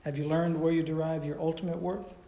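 A man's voice: fairly high pitch, level tone, a little fast, vocal fry, mellow, reverberant, a little hiss or hum. A man preaching a sermon in a conversational way, often asking his listeners questions. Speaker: pastor.

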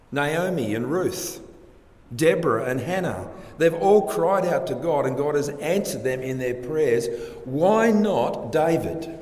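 A man preaching a sermon, asking rhetorical questions in a slow, deliberate way. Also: mid-range voice, darkish tone. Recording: echoey hall with long reverb.

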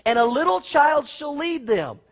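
A man preaching a sermon, animated and folksy, telling stories with asides to the congregation. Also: very high voice, unhurried, highs cut off. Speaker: pastor.

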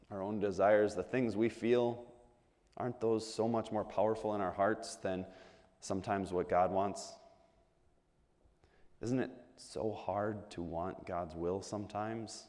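A man's voice: lowish voice, darkish tone, big-room sound. A man preaching a sermon in a conversational way, asking the congregation rhetorical questions and restarting his phrases. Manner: conversational, asks the audience rhetorical questions, repeats words when restarting.

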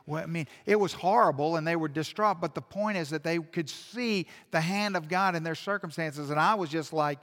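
Storytelling pastor in a reverberant church. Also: male voice, on the high side, normal speed, few pauses. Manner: animated storytelling, dropping to a hush then building loud. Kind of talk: sermon. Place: church sanctuary. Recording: long reverb in a church hall.

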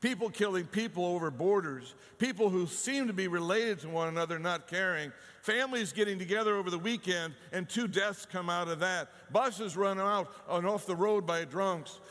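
A man's voice: high voice, normal speed, few pauses, a bit bright, long reverb tail. A man, preaching a conversational sermon and acting out voices as he tells the story. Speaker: pastor.

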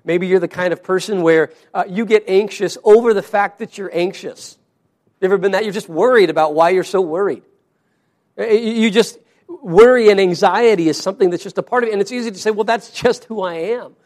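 A man's voice: high voice, fairly quick, a little mellow. A man preaching a sermon to a congregation, earnest, often repeating and restarting his words. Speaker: pastor.

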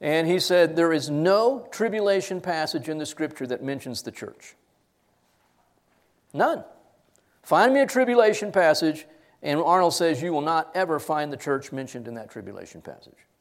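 A middle-aged man delivering a sermon in a somewhat high voice. He preaches emphatically, pushing his voice up for stress and letting it fall to near quiet. The tone is insistent and direct. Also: animated, normal speed. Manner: emphatic, rises and drops sharply for stress. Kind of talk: expository sermon.

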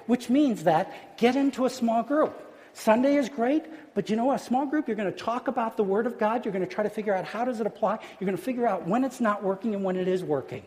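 A man preaching a sermon as pastor, earnest and emphatic, dropping to hushed tones at key points. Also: sits high. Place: church sanctuary. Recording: long hall reverb.

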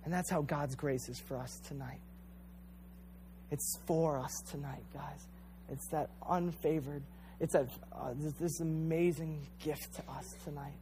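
A man's voice: on the high side, fairly even intonation, unhurried, noisy background. Earnest, repetitive male preacher. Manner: addresses listeners directly as "you guys". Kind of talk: sermon.

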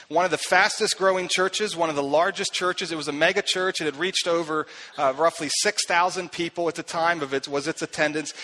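Bright-voiced man telling a sermon story. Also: fairly high pitch, slight background noise, rough recording. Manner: earnest, confessional, drops soft and quiet when quoting. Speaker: pastor.

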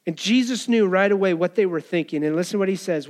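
A man's voice: high-pitched, fast, hardly any pauses. A man preaching a sermon in a conversational way, asking the listeners rhetorical questions. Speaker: pastor.

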